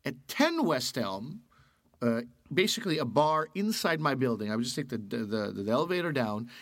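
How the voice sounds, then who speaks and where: Gravelly-voiced man telling animated stories. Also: mid-range voice, moderate pace, no echo, clean studio sound. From Canada. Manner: animated storyteller, acts out quoted voices. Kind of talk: casual storytelling chat.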